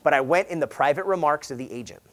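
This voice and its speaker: A man from Southern California giving a motivational talk at a sales summit, telling stories casually, full of "like" and "right?", and acting out quoted lines with sudden loud jumps. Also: fast talker. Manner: animated, acts out quoted dialogue with big jumps in pitch and volume. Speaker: real estate agent speaking at a sales summit. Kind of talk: energetic motivational keynote storytelling.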